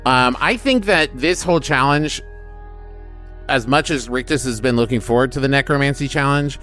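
Male player at a tabletop game, average-pitched, casual, faint music behind. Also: moderate pace, a bit bright.

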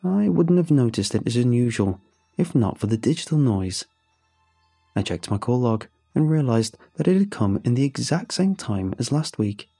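A man reading a first-person horror story aloud in a measured, suspenseful way. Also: mid-range voice, big pitch swings, vocal fry, dark tone, husky, dry recording, clean studio sound, soft background music.

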